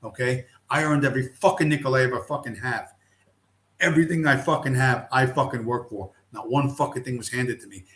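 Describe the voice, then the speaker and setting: Brisk and fairly bright at medium pitch, this middle-aged livestream host delivers a blunt, heated rant packed with profanity. The recording carries a roomy echo.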